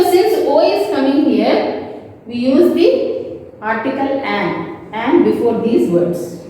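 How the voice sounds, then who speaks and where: Slow, high-voiced teacher in an echoey hall. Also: female voice, a little mellow, a little hiss or hum. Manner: slow, repetitive explaining with frequent checks. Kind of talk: online classroom lesson. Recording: echoey hall, mic at a distance.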